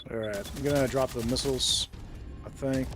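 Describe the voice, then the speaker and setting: A man's voice: medium pitch, steady tone, moderate pace, over music. A man from the American South streaming a game live, talking in a casual, rambling way and laughing often. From Southern United States, Florida. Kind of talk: casual live-stream chat while gaming.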